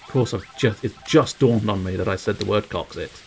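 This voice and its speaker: A man's voice: lowish voice, fairly quick, a little mellow, husky, low-quality recording. A man streaming a game, rambling playfully to his viewers with cheeky innuendo. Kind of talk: casual livestream commentary.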